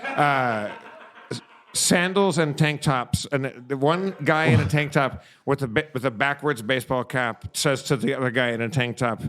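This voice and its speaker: A man telling profane, animated anecdotes as co-host of a live comedy podcast. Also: medium pitch, normal speed.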